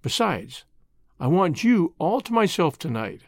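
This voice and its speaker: A man voicing a devoted mother who speaks softly and gently, pleading and tender. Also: fairly high pitch, very animated, unhurried, creaky, no room sound, studio quality, exaggerated voice. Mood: gentle.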